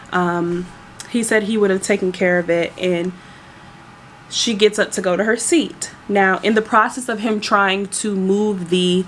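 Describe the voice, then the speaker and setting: A woman's voice: mid-range voice, a little hiss or hum. A woman flight attendant casually telling a story about her workday to her viewers, chatty and exasperated. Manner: chatty, exasperated, animated retelling.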